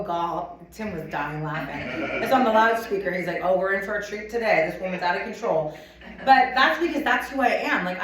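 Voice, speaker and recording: A woman giving a chatty, animated sales training talk to a live audience, acting out little scenes as she goes. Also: mid-range voice. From United States. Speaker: motivational speaker at a sales event. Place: conference room with a live audience. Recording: echoey room, from a distance.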